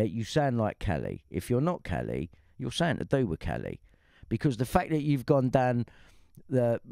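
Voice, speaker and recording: A man's voice: on the low side, creaky, dark tone, dry recording, clean studio sound. A man ranting angrily at an online critic, confrontational and profane, circling back to the same points. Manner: confrontational, profane, repeats himself. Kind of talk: angry online rant.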